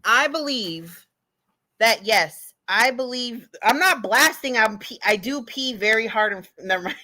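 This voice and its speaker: A woman's voice: a little high, expressive, unhurried, bright, forceful tone. A woman streamer reacting to clips, blunt and profane, rambling with fillers. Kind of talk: casual livestream commentary.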